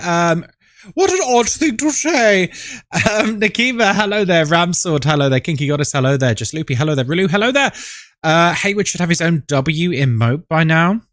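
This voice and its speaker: A man's voice: sits high, fairly bright tone, dry recording, clean studio sound. A man hosting a live stream, greeting his viewers by name in a chatty, playful, affectionate way.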